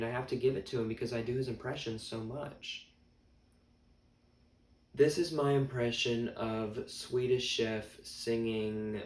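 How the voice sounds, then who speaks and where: A man chatting casually as a vlogger, rambling and joking at his own expense. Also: fairly low pitch. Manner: rambling, jokey, self-mocking. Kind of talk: casual chat. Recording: echoey room, mic at a distance, faint music.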